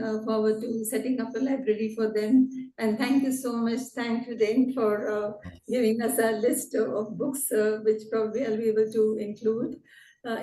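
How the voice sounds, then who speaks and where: A woman's voice: on the high side, dark tone, reverberant, far from the mic, low-quality recording. A woman who founds schools and trains teachers, politely asking a question, hesitant with fillers. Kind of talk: question in an online talk.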